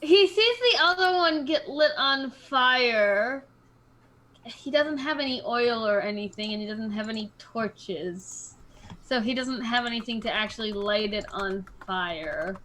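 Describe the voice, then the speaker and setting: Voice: mid-range voice, measured pace, sharp tone, a little hiss or hum. A player in a tabletop game, musing aloud over her character's moves and laughing easily.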